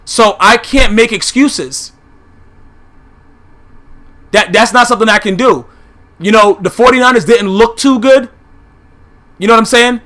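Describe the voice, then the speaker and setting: A man's voice: very high-pitched, a little slow, pauses often, pushed and bright. A man giving a heated, profane recap of football games, blunt and full of filler phrases. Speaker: YouTube sports commentator.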